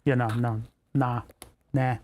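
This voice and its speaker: A man's voice: mid-range voice, a little mellow, a little hiss or hum. A man hosting a casual livestream, rambling and self-mocking as he thinks aloud while tinkering with electronics. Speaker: livestream host.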